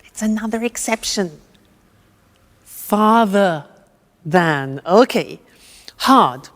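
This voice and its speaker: Slow, patient female English teacher. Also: medium pitch, animated. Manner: patient, over-enunciated, prompting. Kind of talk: slow, drilled language lesson. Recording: long reverb.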